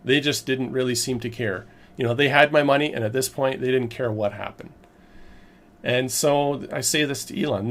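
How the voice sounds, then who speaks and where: A man tells his story straight to the camera in a loose, rambling vlog style. His voice sits in an ordinary middle pitch, and his emphatic, exasperated delivery keeps the telling lively. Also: moderate pace. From Canada. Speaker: vlogger recounting a purchase.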